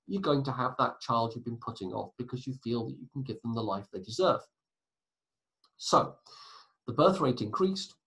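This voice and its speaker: A man's voice: medium pitch, low-quality recording. Chatty male history teacher. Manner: chatty, asides and self-corrections. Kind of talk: recorded lesson.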